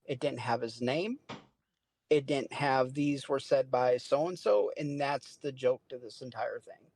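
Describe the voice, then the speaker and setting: A man chatting casually as a guest on a podcast, a relaxed storyteller who laughs while explaining. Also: medium pitch, unhurried, vocal fry.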